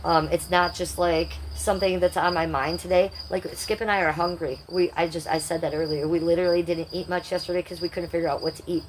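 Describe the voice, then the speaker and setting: A woman with a somewhat low voice hosts a casual livestream. She rambles and confides, talking straight to her viewers. A faint hum of noise sits under her voice. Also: steady tone, a little fast, few pauses, rough recording. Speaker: livestream host.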